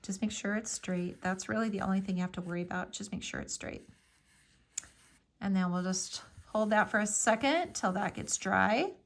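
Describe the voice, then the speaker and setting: A woman's voice: mid-range voice, fairly quick, few pauses. A woman giving a casual step-by-step craft tutorial, explaining each move with friendly fillers. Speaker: craft instructor.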